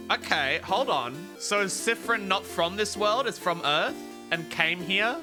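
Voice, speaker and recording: A man casually commenting on a game he plays for the first time, rambling excitedly and laughing often. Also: sits high, takes it slowly. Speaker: gameplay streamer. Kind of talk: casual let's-play commentary. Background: game music.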